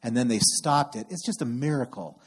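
A middle-aged man preaching a sermon, telling animated personal stories and acting out his exasperated outbursts. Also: medium pitch, moderate pace, husky. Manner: animated storyteller who acts out exasperated outbursts. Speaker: camp program director preaching.

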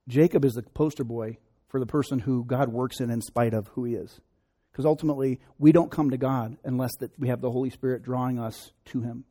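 A middle-aged male pastor with a mellow, dark-toned voice delivers a sermon in an easy, conversational manner. He preaches the way he would talk, and he slips into quoted voices as he tells his stories. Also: mid-range voice, steady tone, a little fast. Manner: conversational, acts out quoted voices, drops to soft prayer. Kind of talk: sermon with storytelling and prayer.

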